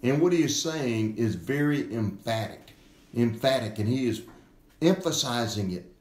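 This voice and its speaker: A male pastor delivers a sermon at an unhurried, deliberate pace, leaning hard on repeated words. His voice sits at an ordinary middle pitch. The recording carries a noticeable roomy echo. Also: animated, darkish tone. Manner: slow and emphatic, repeating key words. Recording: echoey room.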